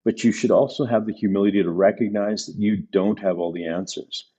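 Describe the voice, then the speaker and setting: A man's voice: fairly low pitch, steady tone, brisk, warm tone, breathy edge, highs cut off. A male business consultant speaking as a podcast guest, making his points emphatically and repeating them for stress. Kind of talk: casual conversational interview.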